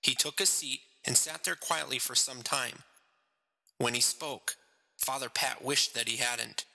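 A man reading his own short story aloud in slow, measured storybook narration. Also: medium pitch, creaky, pushed and bright. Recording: long reverb.

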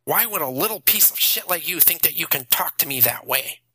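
A man's voice: fairly high pitch, lively intonation, a little fast, crowd noise, pitched above the performer's own voice, natural voice, low-quality recording. A man voicing a cruel teenage boy bully who swears and taunts. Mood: hostile.

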